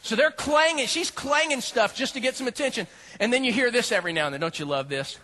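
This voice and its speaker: A male pastor preaching a sermon, animated and humorous as he tells the story. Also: extremely high pitch, fast.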